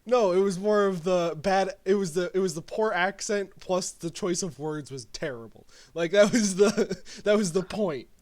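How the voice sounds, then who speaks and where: A man with a high-pitched voice co-hosts a casual podcast chat. He gives frank, blunt opinions and restarts his sentences often with fillers. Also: normal speed, hardly any pauses, darkish tone. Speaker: podcast co-host.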